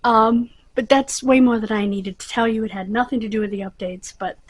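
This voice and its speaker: A woman's voice: a little high, steady tone, brisk, rough recording. A middle-aged woman hosting her own channel, chatting casually and rambling with many fillers. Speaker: channel host. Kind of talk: casual chat to camera.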